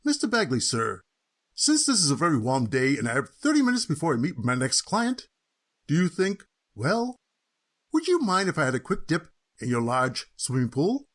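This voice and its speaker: A man's voice: on the high side, wildly swooping pitch, moderate pace, a bit bright, heavily acted. A man voicing a stuffy, pompous male lawyer who reads a will in a formal, mock-polite way. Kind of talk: cartoon voice acting.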